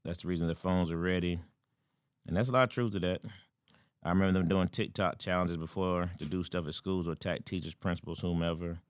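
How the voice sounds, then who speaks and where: A man's voice: low voice, steady tone, brisk, smooth, dry recording. A man co-hosting a casual talk radio show, speaking in an emphatic, slangy way. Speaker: co-host.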